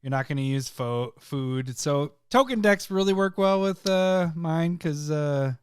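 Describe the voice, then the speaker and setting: A man's voice: on the high side, unhurried, smooth. A man co-hosting a casual card-game chat, laughing often and trailing off mid-sentence. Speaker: podcast co-host.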